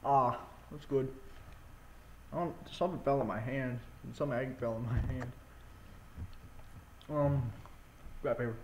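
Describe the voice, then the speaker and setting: A man hosts a casual let's-play from home, chatting with his mouth full and speaking directly into a mic held right against his mouth. His medium-pitched voice is a little slow, with long pauses. A bit of hiss or hum sits in the recording.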